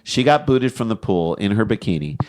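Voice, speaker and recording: Background noise is heavy while a middle-aged podcast co-host tells comedic anecdotes a little fast in a fairly low voice. He brings the stories to life with animated impressions of the people involved.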